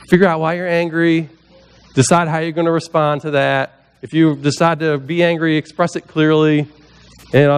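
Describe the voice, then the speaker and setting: A man's voice: fairly high pitch, clear, resonant tone. Chatty pastor, a man preaching to a congregation. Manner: chatty, asks the congregation questions, acts out quoted voices. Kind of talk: conversational sermon. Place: church sanctuary.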